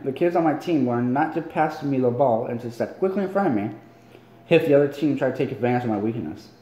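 A man's voice: medium pitch, dark tone. A tired man reading a novel aloud casually at home, often stumbling and correcting himself. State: tired, yawning. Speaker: amateur reader. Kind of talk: casual read-along of a novel. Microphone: phone. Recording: echoey room.

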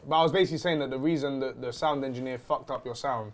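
A man's voice: mid-range voice, fast talker, crowd noise. A man hosting a chat show, brash and teasing, swearing freely. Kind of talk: casual chat.

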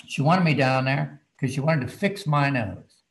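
A man, a children's book author, telling a story from his childhood in a casual, animated way. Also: mid-range voice, moderate pace, rough recording.

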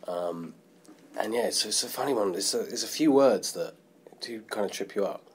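A man's voice: fairly low pitch, lively intonation, normal speed, slightly rough. A man with an English accent, an actor in a press interview, speaking hesitantly with many restarts.

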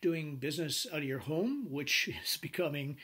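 A man teaching a business class, telling personal anecdotes in a lively way and acting out the dialogue. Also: on the high side, normal speed, breathy edge. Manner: animated storyteller acting out quoted dialogue. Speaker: business instructor.

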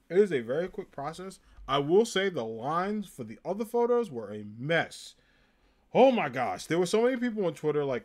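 Upbeat chatty man with a Jersey lilt. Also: mid-range voice. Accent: New Jersey. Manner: upbeat and chatty, many ums and likes. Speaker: live streamer showing a convention haul. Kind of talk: casual live-stream chat.

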